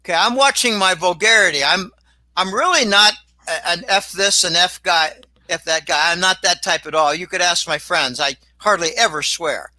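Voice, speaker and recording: A man talking as a guest in a casual interview, rambling and animated, with sudden exclamations. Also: high-pitched, normal speed, dry recording, poor audio. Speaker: guest commentator.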